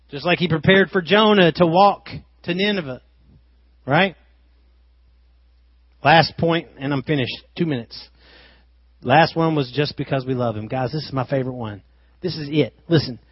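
A man preaching with a fairly high voice. He swings from loud, driven emphasis down to quiet, intimate asides. The sound is dry and a little dull. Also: a little slow, long pauses, dry recording. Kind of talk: sermon.

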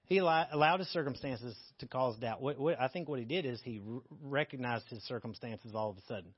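A man's voice: medium pitch, fairly quick, husky, dry recording, muffled recording. A man teaching a Bible passage in a casual, candid way, joking as he reads and explains scripture. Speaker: preacher.

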